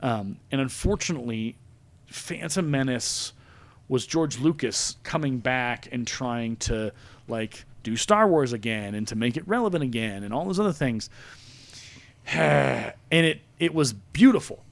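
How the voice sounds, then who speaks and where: A man in his forties hosts a casual podcast, jokey and rambling. His voice swings through a lively pitch range, and a gravelly fry runs through his talk. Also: measured pace. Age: 40s. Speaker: podcast host. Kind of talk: casual chat.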